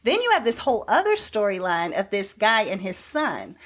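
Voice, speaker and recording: A woman's voice: mid-range voice, normal speed. Chatty woman podcast co-host retelling a plot. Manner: animated storyteller recapping a TV plot, acting out quoted lines; rambling, with many "like" and "so anyway" fillers. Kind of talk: casual chat.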